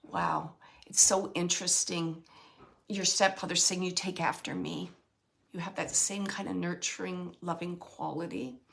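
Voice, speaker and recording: A woman giving a live mediumship reading, relaying messages in a halting, emotional way and often searching for words. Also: on the low side, fairly even intonation, vocal fry, a bit bright. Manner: emotional, close to tears at times.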